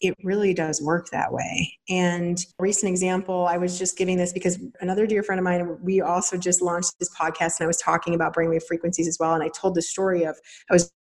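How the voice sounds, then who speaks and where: A woman's voice: fairly low pitch, flat delivery, brisk. A woman in her thirties hosting a podcast, talking casually and animatedly, acting out little quoted voices as she explains. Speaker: podcast host. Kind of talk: casual teaching monologue.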